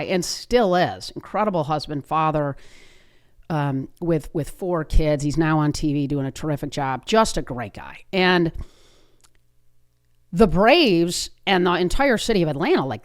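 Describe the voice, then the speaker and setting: Energetic woman telling a motivational story. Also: fairly low pitch. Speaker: podcast host. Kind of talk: motivational podcast talk.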